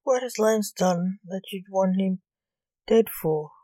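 A woman's voice: medium pitch, slow, mellow, no echo, natural voice. A woman voicing a nervous, timid young male reporter in a read-aloud story, who asks anxious questions.

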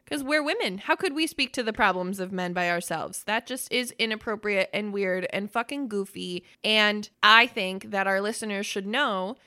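Bright, playful woman podcast host. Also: a little high, smooth. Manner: playful, upbeat, goofy asides. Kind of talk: casual chat.

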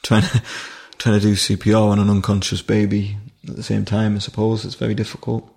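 The speaker is a Durham man guesting on a podcast, recounting personal experiences conversationally. His gravelly, low-leaning voice stays flat while he stumbles emotionally through many restarts.

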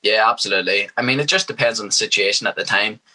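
A man's voice: lowish voice, quick pace, bright, forceful tone, low-quality recording. A young man, a fighter speaking as a guest in a casual interview, confident and hyped. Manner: confident, hyped, trash-talking.

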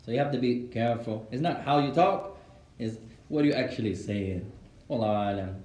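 A man teaching an Islamic class, mixing Arabic phrases into lively storytelling and answering students' questions. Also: mid-range voice, brisk. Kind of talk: lecture with Q&A. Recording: echoey room.

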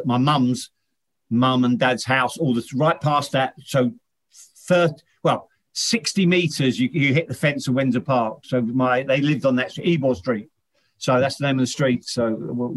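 A middle-aged man, a former footballer, chatting as an interview guest, telling rambling anecdotes with many restarts. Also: mid-range voice. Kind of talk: casual interview chat.

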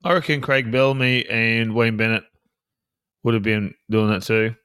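Wisecracking man, smooth clear voice. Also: mid-range voice, steady tone, a bit bright, no room sound, studio quality. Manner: wisecracking, quick joking asides. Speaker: podcast co-host. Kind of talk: casual sports banter.

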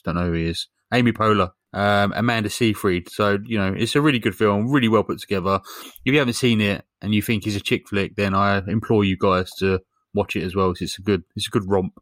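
Rambling man, low voice. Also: steady tone, brisk, few pauses, fairly bright tone, no room sound. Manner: rambling, many ums, jokey. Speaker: podcast co-host. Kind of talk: casual chat, retelling a film plot.

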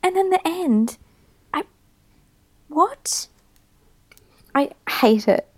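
A woman's voice: high voice, expressive, drawn-out words. A woman co-hosting a podcast, ranting bluntly and with exasperation in casual chat. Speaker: podcast co-host.

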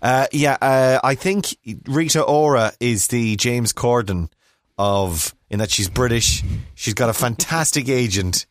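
A man in his forties with an Irish accent, co-hosting a radio show, chatting in a relaxed, wry, rambling way. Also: mid-range voice, a little slow, no room sound, clean studio sound. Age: 40s. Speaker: radio co-host. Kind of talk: casual chat.

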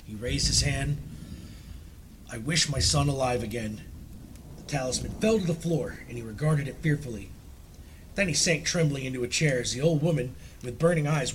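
Male storyteller, slightly high voice, solemn horror reading. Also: slight background noise, low-quality recording. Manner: measured, solemn narration.

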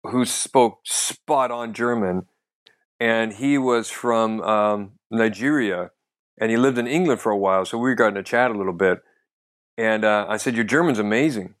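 Rambling, throat-clearing male comedian chatting. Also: fairly low pitch, unhurried. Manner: rambling storyteller with frequent restarts, throat-clearing and "you know". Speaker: podcast co-host, comedian. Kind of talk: casual conversational chat.

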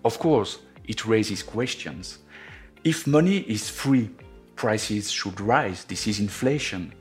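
A middle-aged man with a French accent, hosting a podcast and delivering scripted, measured commentary on investments. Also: mid-range voice. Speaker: podcast host, investment officer.

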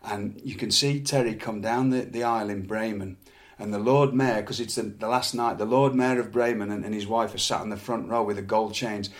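A middle-aged man from England, a former wrestler, telling animated anecdotes in a casual chat with frequent laughs and repeated words. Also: on the low side, fairly quick, hardly any pauses.

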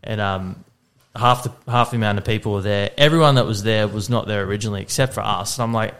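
Laughing, swearing Australian dad telling a story. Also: male voice, lowish voice, quick pace, a bit bright, clear, resonant tone. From Queensland, Australia. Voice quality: swears freely, laughs through his stories. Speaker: podcast co-host. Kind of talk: casual storytelling chat.

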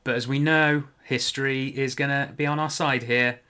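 A man's voice: medium pitch, fairly even intonation, normal speed, pushed and bright. A man hosting a casual history podcast, talking loosely with joking asides and frequent self-corrections. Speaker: podcast host.

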